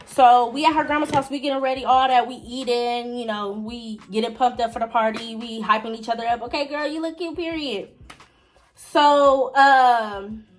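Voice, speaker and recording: High-voiced chatty young woman vlogger. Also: normal speed, soft background music. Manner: chatty, talks straight to viewers; big pitch jumps in excited moments. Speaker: vlogger telling a story. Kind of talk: casual storytime chat.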